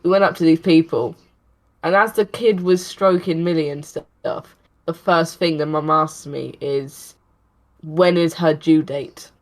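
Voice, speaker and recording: A woman's voice: deep voice, fairly even intonation, unhurried. A woman co-hosting a casual podcast, teasing her co-host and telling stories. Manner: teasing, storytelling. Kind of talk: casual chat.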